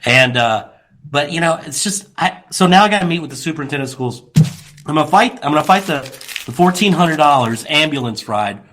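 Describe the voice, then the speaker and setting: A man hosting a radio talk show, telling a story with animated, mocking impressions. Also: on the high side, fairly quick. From Louisiana, US. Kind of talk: casual radio chat.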